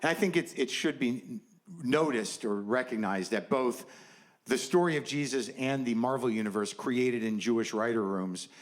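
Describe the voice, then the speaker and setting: A man's voice: mid-range voice, normal speed. A man performing a stand-up routine on stage, rambling with sardonic asides and a ranting delivery. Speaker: stand-up comedian. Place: comedy stage before a live audience. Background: faint audience laughter and ambience.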